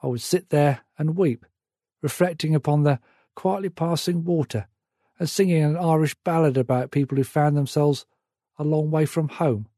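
A man narrating a memoir in a measured, reflective way. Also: fairly high pitch, mellow, dry recording, studio quality.

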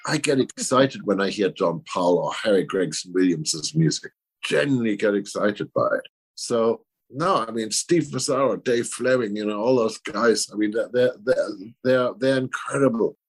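A man speaking as a guest composer in an interview, halting and self-effacing, with many restarts and repeated words. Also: fairly low pitch, breathy edge. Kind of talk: conversational interview.

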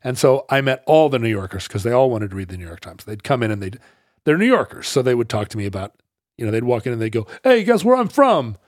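A middle-aged man from the Seattle area telling casual anecdotes, sometimes acting out loud brash characters. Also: mid-range voice, fast talker, no echo, clean studio sound. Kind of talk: casual storytelling chat.

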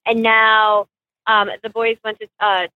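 Woman guest on phone from a car, brash and bubbly, higher pitch, tinny line. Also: flat delivery, a little slow. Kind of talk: casual chat.

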